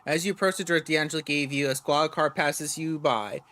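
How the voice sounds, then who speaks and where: A man reads game narration aloud in a casual, relaxed way, often tripping over words and starting them again. His voice is bright and sharp, and it sits a little high for a man. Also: fairly quick. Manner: stumbles and restarts words while reading. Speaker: gamer reading a visual novel aloud.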